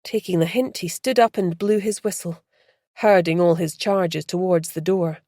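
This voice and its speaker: A woman reading a story aloud as audiobook narrator, in a measured storytelling manner. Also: fairly low pitch, steady tone, mellow, dry recording, studio quality. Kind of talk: scripted narration.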